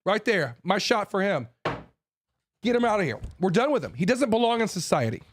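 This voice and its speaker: A man's voice: sits high, sing-song, a little fast. A man ranting heatedly and bluntly, swearing and repeating himself as he works himself up. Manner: blunt, profane, repeats phrases, stumbles and restarts; fired up, forceful. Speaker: host.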